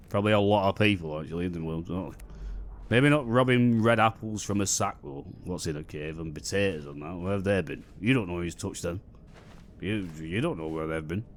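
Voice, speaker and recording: A man's voice: on the low side, vocal fry, fairly bright tone. A young man giving casual, rambling commentary on his gameplay, joking and swearing freely, into a desk microphone. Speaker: gaming video host. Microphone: desk microphone on a magnetic mount.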